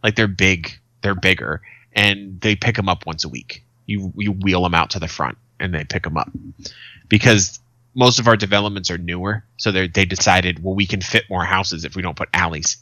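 A man in his thirties from Arizona, USA, co-hosts a podcast and tells stories in casual chat, swearing freely and acting out quotes. His voice is low and pushed and bright, at a moderate pace, with no room sound.

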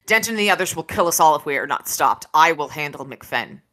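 A woman's voice: deep voice, animated, brisk, fairly bright tone. A woman reading the lines of a fierce, graceful female werewolf aloud, snarling and commanding.

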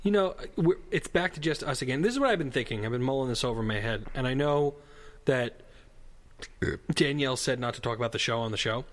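A man's voice: medium pitch, quick pace. A man co-hosting a casual podcast, rambling and digressive with a jokey tone. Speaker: podcast co-host. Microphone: headphones and studio mic.

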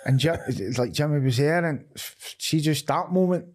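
A man's voice: a little high, moderate pace, a little mellow. A middle-aged man with a Glaswegian accent, talking openly as a podcast guest, swearing freely and often checking "you know what I mean". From Scotland. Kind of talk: candid conversation.

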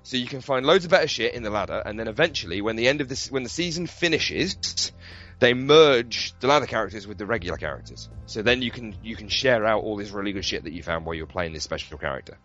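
On a podcast, a man with a fairly low voice talks fast about video games, telling animated stories full of swearing and laughter. The highs are cut off, and faint music plays behind him.

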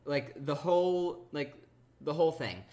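A woman with an extremely low voice chatting on a podcast. She wanders from tangent to tangent and leans heavily on fillers as she thinks aloud. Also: animated, a little slow, mellow. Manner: rambling, tangential, many fillers. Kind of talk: casual chat.

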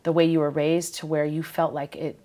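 A woman from Wisconsin hosting a casual interview, reacting expressively and firing off quick follow-up questions. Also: low-pitched, flat delivery, mellow.

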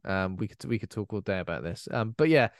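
A man's voice: fairly low pitch, expressive, brisk, no echo, studio quality. A man with a British accent, co-hosting a horror film podcast in casual, jokey chat. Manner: chatty, playful, jokey voices. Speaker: podcast co-host.

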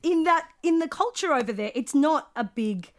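A woman with an Australian accent, a guest comedian telling stories in a chatty, halting way. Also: sits high, animated. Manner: chatty, halting, laughing storyteller. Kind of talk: casual podcast chat.

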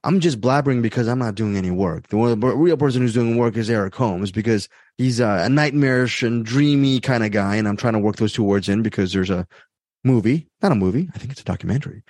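Hoarse, raspy man in his fifties. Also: fast, dry recording, studio quality. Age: 50s. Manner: rambling, frequent self-corrections, jumps to excited high pitch. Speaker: podcast host. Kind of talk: casual podcast chat.

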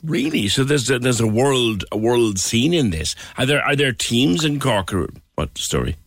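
A man's voice: mid-range voice, big pitch swings, moderate pace, creaky, a bit bright, no echo. A man hosting a radio talk show, wry and conversational as he talks with guests.

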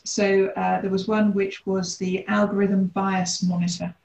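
A woman co-hosting a casual discussion, explaining points in a measured, deliberate way. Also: medium pitch, level tone, gravelly, darkish tone, echoey room, lo-fi sound. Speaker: co-host, leads people teams.

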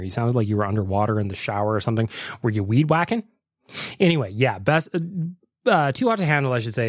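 A man's voice: medium pitch, dry recording, clean studio sound. A man hosting a casual podcast, reacting to listener voicemails with mock outrage and jokes. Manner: animated, swearing, mock outrage. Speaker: podcast host.

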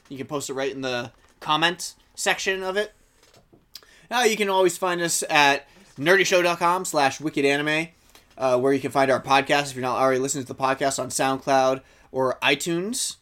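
A man's voice: mid-range voice, a bit bright. A young man co-hosting a podcast in casual chat, upbeat and chatty, laughing often. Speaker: podcast co-host.

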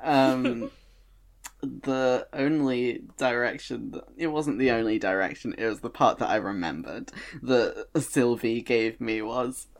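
A woman's voice: a bass voice, slow pace. A woman co-hosting a podcast and chatting casually, laughing often as she tells stories about voice acting. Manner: laughs often, animated storytelling. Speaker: podcast co-host and voice actor. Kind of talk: casual chat.

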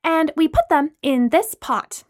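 A woman's voice: high-pitched, lively intonation, measured pace, voice pushed up. A woman reading a story voices a scheming young hostess who talks with sweet, mischievous emphasis. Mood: sly cheer. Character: scheming, theatrical young woman hosting friends.

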